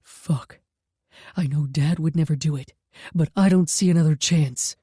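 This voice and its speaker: A woman voicing a protective young man who is a fierce fighter, in a gruff, slow, lowered voice. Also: mellow, dry recording, studio quality. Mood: grim.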